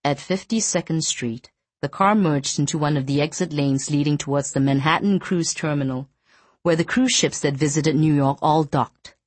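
A woman narrating a novel as an audiobook in measured, even storytelling. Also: low-pitched, no room sound. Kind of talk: scripted narration.

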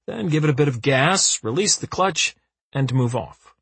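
A gruff, grumpy older man teaching someone to drive, as the narrator voices him. He speaks in a clipped, low grumble with a husky grain, in a dry, close sound. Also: expressive, moderate pace, fairly bright tone, dry recording. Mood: instructing. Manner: gruff, clipped, through gritted teeth.

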